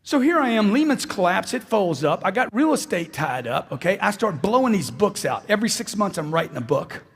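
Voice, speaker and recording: A man delivers a motivational speech to a crowd in a large hall, his voice pitched high and swinging widely as he hammers points home by repeating them. His tone carries a husky edge, and the room adds a long, trailing reverb. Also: a little fast, few pauses. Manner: animated, repeats lines for emphasis and acts out dialogues. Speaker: motivational speaker. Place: large hall with live audience.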